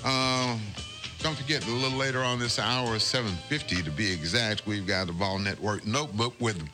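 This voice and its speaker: A man's voice: fairly low pitch, moderate pace, music in the background. A man with a Southern US accent hosting a local morning radio show, chatting and joking on air. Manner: jokey, upbeat, chatty. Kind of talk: casual on-air banter. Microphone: studio microphone.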